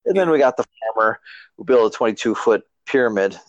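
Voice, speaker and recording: A man's voice: mid-range voice, lively intonation, fast talker, no echo, highs cut off. A man co-hosting a podcast in casual chat, with a dry, wry sense of humor. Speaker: podcast co-host.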